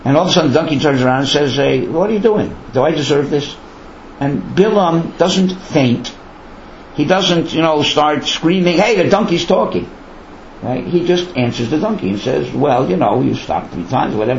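A man's voice: a little high, a little hiss or hum. A man teaching a Torah lecture in a conversational way, often asking rhetorical questions. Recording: roomy, dull lo-fi with faint ambience.

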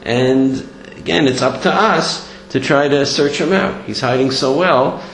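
Speaking at a measured pace with medium pitch and vocal fry, a man teaches Torah. He's animated, telling stories and performing their characters' voices, recorded in an echoey room carrying a faint hum.

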